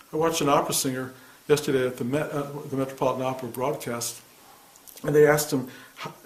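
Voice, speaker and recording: A man in his sixties, a meditation teacher, giving a soft-spoken, reflective spiritual talk in answer to a student. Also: mid-range voice. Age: 60s. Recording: echoey room.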